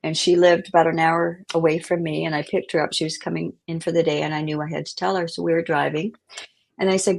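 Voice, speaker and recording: Her voice is low, gravelly, and flat, and she talks fast. A middle-aged guest, she recounts a personal story with emotion, vividly acting out what others said.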